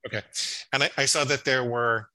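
A man's voice: medium pitch, steady tone, fairly quick, bright, forceful tone, rough recording. A man in his fifties, a psychologist guest explaining and telling stories in a conversational interview, often restarting his words. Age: 50s. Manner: explanatory storytelling with frequent restarts.

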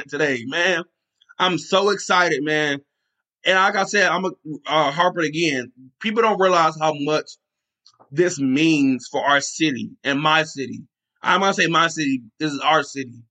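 A man's voice: on the high side, bright, forceful tone. A man hosting a sports podcast, talking with passion and emphasis, repeating himself and swearing now and then. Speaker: podcast host. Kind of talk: excited sports talk.

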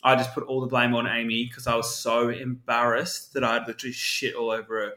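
A young man tells a rambling story in casual chat, full of fillers and swearing. His voice is bright and forward. The room around him sounds echoey. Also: mid-range voice, brisk. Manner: animated, swearing, frequent "like" fillers.

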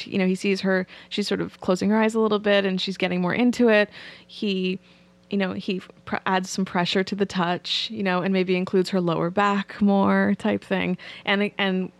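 Creaky-voiced woman therapist telling stories. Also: medium pitch, no echo. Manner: candid storytelling about clients. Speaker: psychotherapist guest. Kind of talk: podcast interview.

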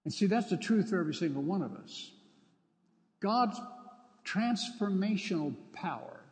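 A man preaching a sermon, telling stories and acting out dialogue with sudden loud outbursts. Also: high-pitched, animated, normal speed, in a large hall. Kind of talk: sermon with storytelling.

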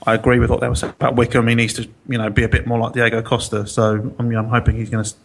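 A man talks fast as a podcast co-host, joking and teasing in loose banter. His pitch stays at an ordinary middle level, and his lines come out in quick bursts. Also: completely flat delivery, gravelly. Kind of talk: casual banter.

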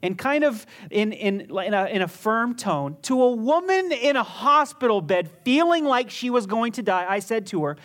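A pastor preaching a sermon emphatically, often repeating words and restarting phrases, shifting between urgent stretches and quiet low passages. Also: very animated, normal speed, hardly any pauses.

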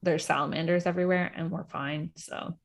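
A woman with a slightly low voice chatting casually about a reality show. She is frank and animated, and swears freely. She is from Puerto Rico. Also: brisk, gravelly.

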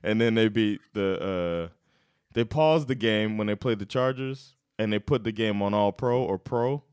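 A man's voice: on the low side, unhurried, a little mellow, smooth, dry recording, clean studio sound. A man co-hosting a casual sports podcast, laid-back, swearing and laughing a lot. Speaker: podcast co-host.

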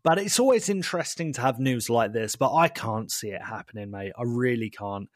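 A man co-hosting a casual chat, animated and calling his friend "mate" a lot. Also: medium pitch, fairly quick, no echo, studio quality. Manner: animated, says "mate" often, many restarts. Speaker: podcast co-host.

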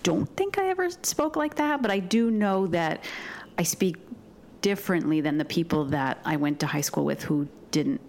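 A woman's voice: fairly low pitch, animated, normal speed, a little mellow. A woman from upstate New York co-hosting a podcast in wry, self-deprecating casual chat, laughing often. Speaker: podcast co-host.

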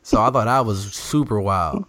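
A man's voice: fairly low pitch, lively intonation, moderate pace, fairly bright tone, dry recording. A young man from the DMV area co-hosting a casual chat, telling stories and acting out quotes in raised voices. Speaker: podcast co-host.

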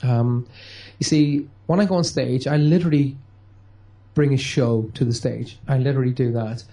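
Medium, mellow tone, jokey storyteller who acts out the voices. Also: male voice, medium pitch, moderate pace. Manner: lively, joking, acts out dialogue. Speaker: medium and touring stage performer. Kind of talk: storytelling interview answers.

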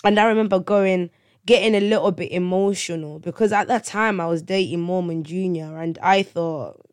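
A woman's voice: lowish voice, normal speed, a little mellow, clean tone, dry recording, clean studio sound. A woman, hosting a podcast and telling a personal testimony in an earnest, conversational way that turns preachy, checking in with listeners. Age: 30s. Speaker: podcast host.

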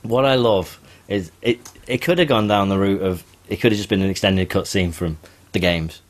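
A man with a very low voice co-hosts a casual podcast. He talks in an eager, teasing way. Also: moderate pace. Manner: chatty, teasing, enthusiastic. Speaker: podcast co-host. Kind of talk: casual chat.

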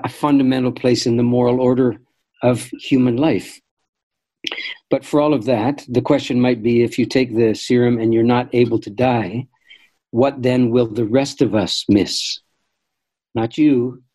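An older man, a guest in an interview, telling stories in a thoughtful, measured way and often restarting his sentences. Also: medium pitch, warm tone, low-quality recording. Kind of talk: reflective storytelling conversation.

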